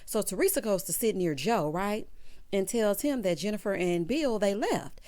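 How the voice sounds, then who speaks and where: A woman's voice: medium pitch, expressive, normal speed, dark tone. A woman recapping a reality show in a sassy, opinionated way, talking straight to her viewers. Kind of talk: casual chat.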